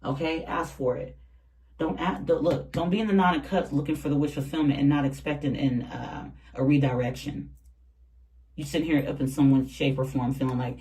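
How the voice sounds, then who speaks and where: A tarot reader giving a casual, animated reading straight to the viewers, talking in loose slang and laughing often. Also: mid-range voice, a little fast, rough recording.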